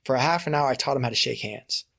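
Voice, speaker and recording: A middle-aged man in a podcast interview tells coaching stories at a middle pitch. He talks with energy and slips into lively put-on voices when he quotes people. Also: fast talker, creaky. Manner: animated, acts out quoted voices in his stories. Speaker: guest, coach and speaker.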